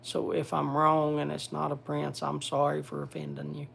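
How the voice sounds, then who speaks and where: Casual livestream host, man, high-pitched and very gravelly, rambling chatter full of restarts. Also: completely flat delivery, moderate pace, fairly bright tone, slight background noise. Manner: rambling, restarts often, talks to his pet and viewers.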